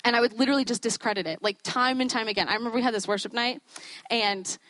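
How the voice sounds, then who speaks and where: A woman's voice: on the high side, steady tone, fast talker, a bit bright, no echo. A young woman giving a sermon in a chatty, self-deprecating way, often breaking into laughter. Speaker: student preacher.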